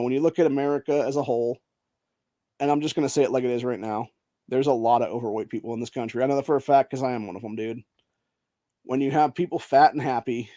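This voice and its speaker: A man's voice: mid-range voice, warm tone, no room sound, clean studio sound. A man hosting his own channel, delivering a heated, profanity-laced political rant and calling everyone dude. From Ohio. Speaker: host.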